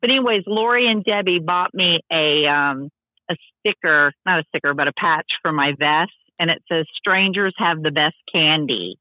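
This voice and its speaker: A woman telling stories as a podcast guest, animated and chatty, acting out the voices of people she quotes. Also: deep voice, normal speed, no room sound. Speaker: podcast guest, long-distance motorcycle rider. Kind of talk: casual storytelling interview. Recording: tinny phone-like line, dry.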